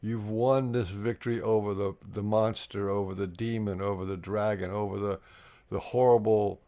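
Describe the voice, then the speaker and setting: A man leading a live online healing workshop, explaining the steps earnestly and pausing often to restart and repeat his words. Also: on the low side, fairly even intonation, warm tone. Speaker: workshop facilitator.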